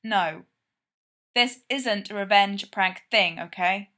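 A dry, deadpan young man with a sardonic edge, delivered flatly, as a woman reads him aloud in a story. His voice sits at an ordinary middle pitch. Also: slow pace.

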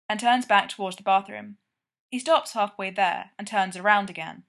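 A woman's voice: medium pitch, measured pace, creaky, a bit bright. A woman reading fan fiction aloud in a casual, conversational way. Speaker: reader.

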